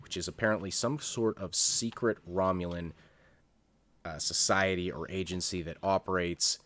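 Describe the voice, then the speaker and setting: A man's voice: sits low, steady tone, normal speed, fairly bright tone. A man co-hosting a casual review chat, rambling and hesitant, full of fillers. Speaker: podcast co-host.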